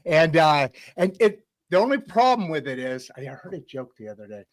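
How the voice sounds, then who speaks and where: High-voiced rambling male host. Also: big pitch swings, moderate pace. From United States. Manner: rambling, many fillers and restarts. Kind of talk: casual podcast interview.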